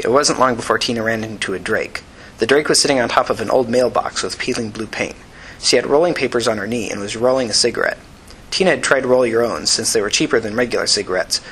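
A man reading a story aloud in a steady, even way. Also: medium pitch, slightly rough, poor audio. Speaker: narrator. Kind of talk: audiobook reading.

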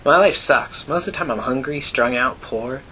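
A man's voice: medium pitch, moderate pace, sharp tone, a little hiss or hum, close to an everyday voice. A man reading as a blunt streetwise runaway girl. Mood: bitter. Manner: blunt, crude and bitter. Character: foul-mouthed streetwise teenage runaway girl.

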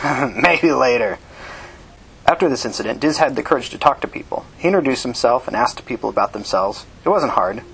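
Husky guy reading a story out, plain and even. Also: mid-range voice, fast, hardly any pauses. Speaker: narrator. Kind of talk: reading short fiction aloud.

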